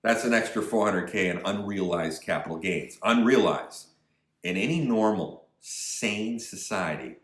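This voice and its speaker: A man's voice: low voice, unhurried, fairly bright tone, roomy sound. A man giving an indignant, emphatic political rant, repeating phrases for stress and slipping in mocking asides. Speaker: political commentary vlogger. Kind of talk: ranting commentary.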